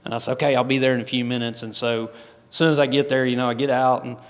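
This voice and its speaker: In a large event hall with long reverb, a male guest speaker gives a folksy personal testimony, restarting often. His mid-range voice is level in tone and rapid-fire.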